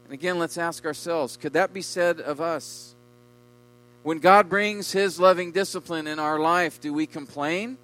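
Emphatic preaching man, bright voice. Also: unhurried, rough recording. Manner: emphatic preaching, swelling loud on key words and dropping low. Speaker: pastor. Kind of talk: sermon.

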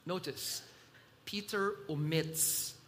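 A man preaching a sermon in a slow, emphatic delivery that swells loud and drops soft. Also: on the high side, a little hiss or hum.

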